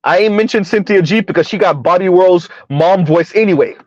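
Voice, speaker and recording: A man giving a heated, emphatic commentary rant on his vlog, repeating his points loudly. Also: sits high, brisk, no echo, muffled recording. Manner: loud, emphatic, repeats points, laughs at times. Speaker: commentary vlogger.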